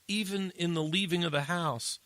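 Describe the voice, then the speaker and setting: A man hosting a casual podcast chat, telling an animated story that climbs high at the funny parts. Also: moderate pace, dry recording. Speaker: addiction interventionist, podcast host.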